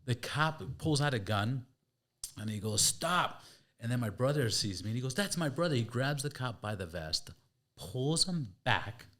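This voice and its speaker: A man hosting a podcast who tells his own story in lively casual talk and acts out sounds and quotes. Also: medium pitch, moderate pace. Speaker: podcast host.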